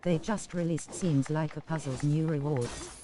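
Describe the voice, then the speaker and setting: A male text-to-speech voice reading out viewer chat messages, including emoji names, in a flat synthetic way. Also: fairly high pitch, moderate pace.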